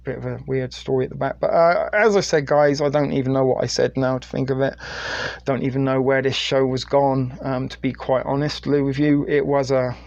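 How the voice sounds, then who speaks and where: A man's voice: medium pitch, fairly even intonation, a little fast, creaky, a little mellow, dry recording, muffled recording. A middle-aged British man from the UK hosting a crude, rambling late-night live stream on his phone and reading viewer chat aloud. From United Kingdom.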